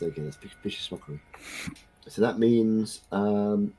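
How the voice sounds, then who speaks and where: Player, male, husky, low, playful rambling delivery. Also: normal speed, dark tone, low-quality recording. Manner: playful, rambling, forgets game terms. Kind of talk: casual tabletop play.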